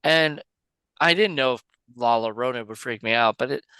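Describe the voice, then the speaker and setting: A man's voice: mid-range voice, moderate pace, sharp tone, clear, resonant tone, no room sound. A man co-hosting a podcast, talking about movies in a loose, rambling way with lots of filler words and casual swearing. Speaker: podcast co-host. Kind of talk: casual film chat.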